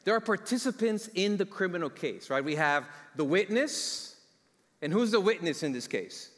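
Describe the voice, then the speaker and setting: A man's voice: high voice, animated, moderate pace, fairly bright tone. A man preaching a sermon, telling a story and asking the congregation questions. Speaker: guest preacher. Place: church sanctuary. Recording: long church hall reverb.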